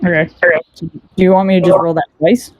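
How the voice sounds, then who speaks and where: A woman's voice: lowish voice, flat delivery, fairly quick, a little mellow, no room sound. A woman taking part in a tabletop role-playing game, describing her character's actions in a chatty, casual way and laughing often. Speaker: player.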